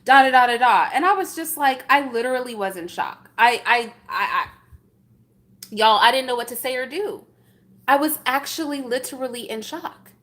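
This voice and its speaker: A middle-aged woman with a high voice talks straight to her viewers in a loose livestream chat. She tells the story with indignant energy and keeps throwing out rhetorical questions. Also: lively intonation, normal speed, sharp tone. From San Francisco, USA. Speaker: vlogger reacting to chat.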